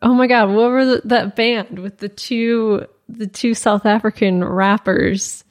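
A woman hosting a podcast in casual chat, playful and jokey, quick to laugh. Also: a little high, steady tone. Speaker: podcast host.

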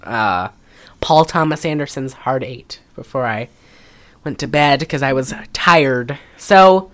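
A podcast co-host with a rumbling low voice speaks at a slow pace. She casually and animatedly retells a film, laughing often and swearing freely.

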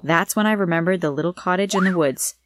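A woman's voice: fairly low pitch, quick pace, slight background noise. A woman reading a first-person story aloud in an earnest, plain way. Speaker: narrator.

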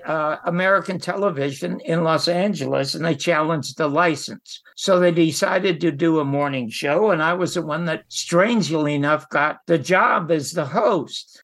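Gravelly older man telling stories. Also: on the high side. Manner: anecdotal, animated retelling with emphatic asides. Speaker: interview guest. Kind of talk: casual storytelling.

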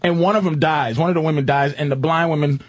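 A man's voice: fairly high pitch, quick pace. A man co-hosting a podcast, retelling a movie plot in casual, profane, rambling chat. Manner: rambling animated storytelling, heavy swearing. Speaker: podcast co-host.

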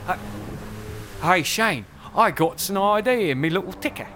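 A man voicing a cheeky British man who drives a boat, with a put-on British accent and a silly, excitable delivery. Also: high voice, moderate pace, slight background noise, voice pushed up. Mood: scheming.

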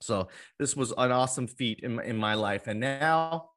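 Young adult man, mid-pitched, earnest storyteller, plays out dialogue in quotes, speech a touch slurred; guest in a sit-down chat. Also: moderate pace, a bit bright. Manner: earnest, acts out past conversations in quotes. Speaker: guest telling his life story. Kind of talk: personal storytelling in an interview.

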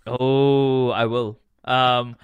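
A man's voice: mid-range voice, little pitch movement, drawn-out words, clear, resonant tone, no room sound, highs cut off. A man co-hosting a podcast in casual chat, joking and swearing a lot. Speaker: podcast co-host. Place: hot desert city.

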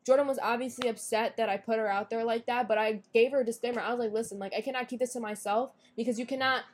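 A young woman with a slightly high voice tells a story in casual podcast chat. She is blunt and swears freely, animated as she replays arguments. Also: fast. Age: young adult. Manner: blunt, profane, animated retelling of a fight. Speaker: podcast guest.

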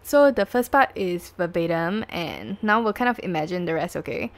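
A woman's voice: on the low side, expressive, moderate pace. A Singaporean woman hosting a casual true-crime podcast, chatty and full of fillers. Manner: chatty, lots of likes and lah. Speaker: podcast host.

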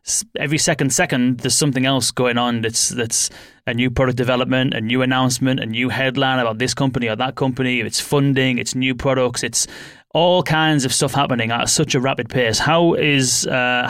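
A man's voice: mid-range voice, fairly bright tone, no echo, clean studio sound. A man hosting a podcast, chatting easygoing and laughing often. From United Kingdom. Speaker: podcast host. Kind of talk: casual interview chat.

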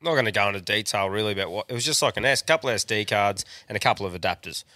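A man's voice: on the low side, racing, sharp tone, dry recording, clean studio sound. A young Australian man co-hosting a podcast, telling a crude, sweary rant in casual chat. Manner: crude, swearing, ranting storyteller. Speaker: podcast co-host.

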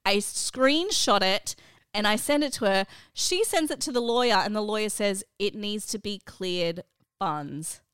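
A woman's voice: medium pitch, a little slow, clean tone, no echo, studio quality. A woman, co-hosting a chatty podcast and telling a story with exasperated, swearing energy. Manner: animated, exasperated, swears, laughs often. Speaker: podcast co-host and mother. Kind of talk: casual chat, storytelling.

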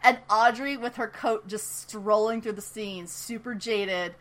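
A woman's voice: on the high side, fairly even intonation, measured pace, fairly bright tone. A woman co-hosting a podcast, chattily recapping a TV episode with lots of fillers and laughs. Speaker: podcast co-host.

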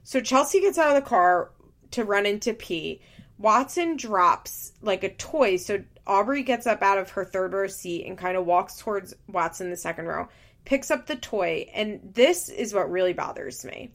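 Woman, casual TV recap commentator, chatty and opinionated, mid-pitched. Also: expressive, normal speed. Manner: chatty, opinionated, frequent "like" fillers. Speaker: podcast host recapping reality TV.

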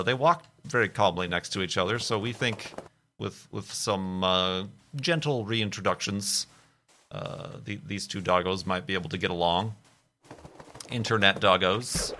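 A man's voice: fairly low pitch, pushed and bright, slight background noise. A man casually chatting with viewers as a streamer, answering their questions in a rambling, playful way. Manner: rambling, playful, full of restarts and asides. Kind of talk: casual chat.

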